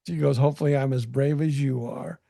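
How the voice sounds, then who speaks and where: A man's voice: mid-range voice, steady tone, brisk, creaky, warm tone, no room sound, studio quality. A male podcast co-host in casual chat, rambling with stammered restarts.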